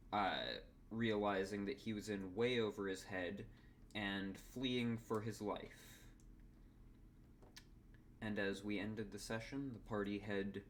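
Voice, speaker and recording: A man narrating as dungeon master in a tabletop game, in a measured, deliberate way. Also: fairly low pitch, a little hiss or hum.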